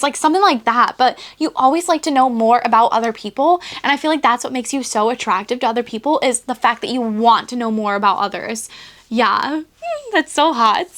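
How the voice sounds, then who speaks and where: A woman with a high voice talks through a pick-a-card tarot reading to her viewers. She is chatty and loose, laughing often and filling her sentences with "like.". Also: fairly bright tone. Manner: chatty, giggly, heavy use of "like". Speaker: tarot reader.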